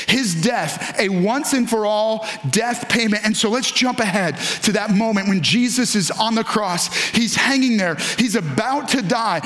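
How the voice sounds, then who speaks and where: A man preaching a sermon as pastor, earnest and emphatic, slowing down to stress key lines and repeating them. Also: very high-pitched, fairly bright tone. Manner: earnest, emphatic preaching with dramatic slowdowns and repetition.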